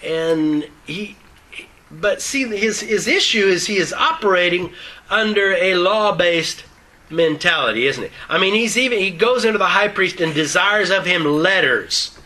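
A man's voice: high-pitched, animated, unhurried, bright, forceful tone, poor audio. An older man preaching in an informal Bible teaching, joking in a folksy way between readings of scripture and speaking around loose-fitting dentures.

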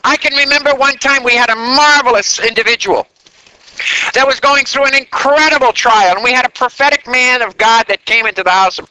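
High-voiced, bright, animated male preacher. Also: fairly quick, clean tone, no echo, poor audio. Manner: animated, calls for congregation responses. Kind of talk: sermon.

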